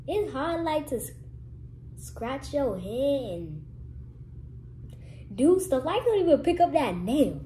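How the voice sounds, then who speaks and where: A young woman chatting casually to camera in a vlog, lively and sometimes dropping to hushed whispers. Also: sits high, takes it slowly, pauses often, a little hiss or hum, poor audio. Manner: lively, switches to hushed whispers when nervous. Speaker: vlogger.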